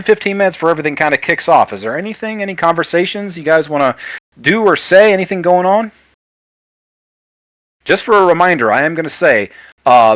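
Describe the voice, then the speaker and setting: A man narrates as game master, rambling and restarting his sentences as he describes the scene. His voice sits in an ordinary middle pitch. The recording is dry with no room sound. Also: a bit bright, no room sound. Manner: rambling with many fillers and restarts.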